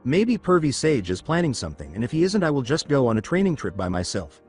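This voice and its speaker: A man's voice: mid-range voice, sing-song, fast talker, darkish tone, soft background music, close to an everyday voice. A man voicing a brash, eager young boy ninja in a fan-made storybook narration, reading the lines plainly.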